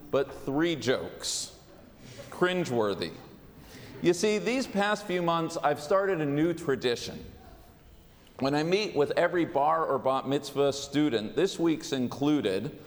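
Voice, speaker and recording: A man giving a sermon as a rabbi, with a measured, wry delivery. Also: a little high. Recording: long hall reverb.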